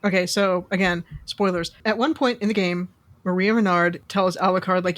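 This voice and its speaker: A woman's voice: fairly low pitch, steady tone, normal speed, no room sound. A woman co-hosting a podcast, casually recounting a video game's ending and acting out the characters' lines as she goes. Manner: rambling storyteller, acts out characters' lines. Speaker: podcast co-host. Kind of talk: casual chat, retelling game plot.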